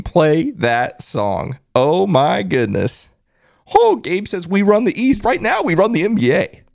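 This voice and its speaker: A man hosting a hyped postgame live stream, reading chat aloud and shouting with excitement. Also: high-pitched, vocal fry, no room sound, studio quality. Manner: excited, loud, shouting catchphrases. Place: closet at a family home.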